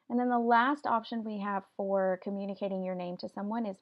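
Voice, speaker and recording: A woman's voice: mid-range voice, steady tone, a little fast, hardly any pauses, highs cut off. A woman teaching a Spanish vocabulary lesson, patiently explaining each word step by step and having students repeat after her. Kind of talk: classroom video lesson.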